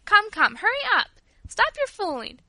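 Woman narrator putting on impatient boy, exasperated, bright, dry close sound. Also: sits high, sing-song, fairly quick, dry recording, full character voice. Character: impatient boy, older brother.

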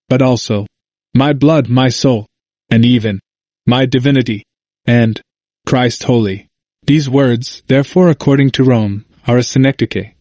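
A man reading a history book aloud in steady, measured scripted narration, lifting his voice for quoted speeches. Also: medium pitch, dry recording. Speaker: audiobook reader.

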